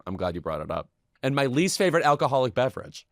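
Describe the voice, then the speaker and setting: A man co-hosting a podcast in casual, campy, quick-witted banter, also reading ads. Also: mid-range voice, big pitch swings, dry recording, studio quality. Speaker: podcast co-host. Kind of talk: casual chat and ad reads.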